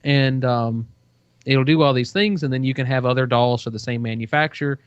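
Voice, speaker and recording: A man's voice: medium pitch, a little fast, smooth, no echo. A man in casual podcast chat, telling a long story with plenty of "you know" and "uh". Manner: rambling storytelling, many fillers. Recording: dull dry lo-fi sound.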